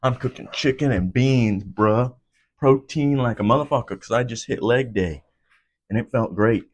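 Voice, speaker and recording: A young man in his twenties talks alone into the mic from home, swearing freely as he rants. He drifts between low, loose chatter and sudden sharp leaps up in pitch when something riles him. His voice sits at an ordinary middle pitch for a man. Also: normal speed. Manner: profane, heated ranting with sudden jumps up in pitch. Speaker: podcast host. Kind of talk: casual solo rant.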